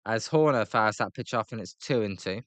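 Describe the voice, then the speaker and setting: Bright-voiced British man calling baseball. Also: brisk, no echo. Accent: British English. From Britain. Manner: chatty, excitable calls on big plays, fillers between pitches. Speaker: live reaction commentator. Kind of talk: live play-by-play reaction.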